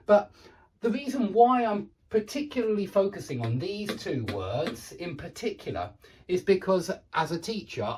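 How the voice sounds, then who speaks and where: A British man teaching English pronunciation, explaining at a steady working pace and thinking aloud with frequent ums and uhs. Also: a little high, recorded from a distance. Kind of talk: pronunciation lesson.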